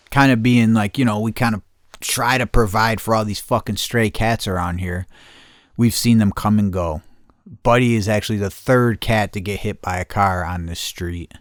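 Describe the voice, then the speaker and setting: A man's voice: fairly low pitch, measured pace, pauses often, no echo, clean studio sound. A man hosting a podcast, telling a rambling story with constant swearing and frequent laughter. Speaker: podcast host. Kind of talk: casual storytelling.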